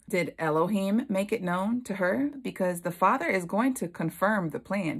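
A woman's voice: medium pitch, creaky, husky. A woman leading a Bible study, retelling the story expressively and acting out its characters.

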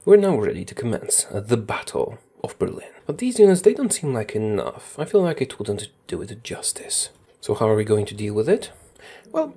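A man's voice: lowish voice, warm tone, breathy edge. A man from Poland, chatting casually as he plays a strategy game and thinks aloud about his moves. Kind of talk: casual gameplay commentary.

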